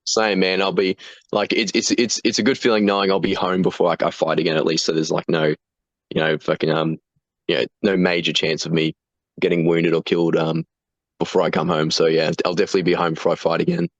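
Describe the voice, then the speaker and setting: A man's voice: low-pitched, level tone, fairly quick, no echo, dull audio. A young man, a guest talking casually about being wounded, laughing often and swearing freely with lots of restarts. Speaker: guest, foreign fighter. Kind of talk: casual chat.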